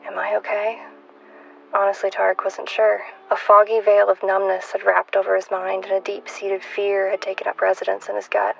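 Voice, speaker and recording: A woman in her twenties reading her own fiction aloud in a measured, hushed way, at times dropping to a whisper. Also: medium pitch, monotone, gravelly, a little hiss or hum, poor audio. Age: 20s. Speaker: author.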